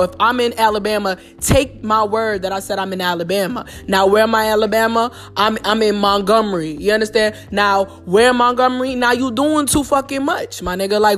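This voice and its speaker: A young woman with a New York accent hosting a podcast, bluntly retelling a personal story in a casual, profane monologue full of slang. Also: medium pitch. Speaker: podcast host.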